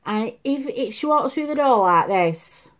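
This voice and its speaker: Slow-talking woman in her fifties. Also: fairly high pitch, expressive. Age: 50s. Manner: rambling, confiding, chatty. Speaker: make-up vlogger. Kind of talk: casual chat. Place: at home, seated.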